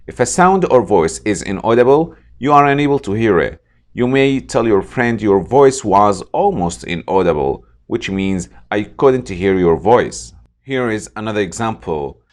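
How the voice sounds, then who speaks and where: Lively low-voiced male English teacher. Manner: slow, careful, repeats each word for pronunciation. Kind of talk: scripted vocabulary lesson.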